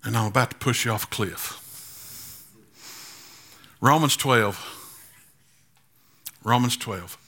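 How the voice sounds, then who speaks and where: A man's voice: mid-range voice, slow, pauses often, pushed and bright. A man preaching a sermon as pastor, building to emphatic, repetitive declarations. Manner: repetitive rhetorical phrasing.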